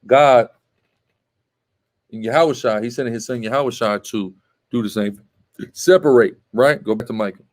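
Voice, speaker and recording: A man's voice: mid-range voice, measured pace, long pauses. A man teaching a Bible class, emphatic and scolding, often checking with "right?" and telling the reader to go on. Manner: emphatic, tags statements with "right?".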